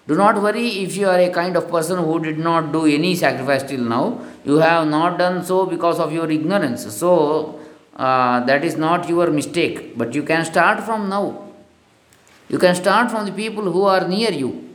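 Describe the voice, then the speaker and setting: A man's voice: fairly high pitch, normal speed, fairly bright tone. Earnest man reading a spiritual lesson. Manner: earnest, moralizing. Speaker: spiritual teacher. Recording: echoey room.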